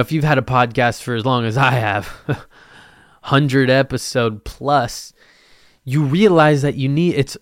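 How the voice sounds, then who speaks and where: A man's voice: mid-range voice, clear, resonant tone, dry recording, studio quality. Rambling, jokey young man podcasting solo. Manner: rambling, jokey, self-mocking, with sudden loud bursts. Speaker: podcast host.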